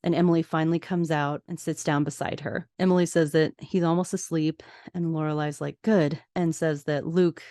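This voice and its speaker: Chatty woman podcaster with a lowish voice. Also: moderate pace, few pauses, no echo, clean studio sound. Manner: chatty and expressive, jumping between narration and opinion. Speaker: podcast host. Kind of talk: casual episode recap. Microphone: podcast microphone.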